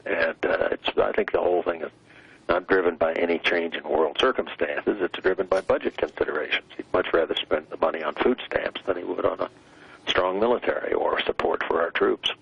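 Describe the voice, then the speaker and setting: An older man, a former vice president, giving measured commentary as an interview guest, pausing often with "uh" as he weighs his words. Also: deep voice, vocal fry, slightly rough, muffled recording. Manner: measured, deliberate, many hesitant "uh" pauses.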